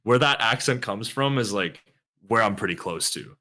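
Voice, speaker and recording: A man's voice: lowish voice, animated, normal speed, pushed and bright. A man with a Canadian accent co-hosting a live stream, laid-back and slangy, swearing and laughing. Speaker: guest co-host. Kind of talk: casual live-stream chat.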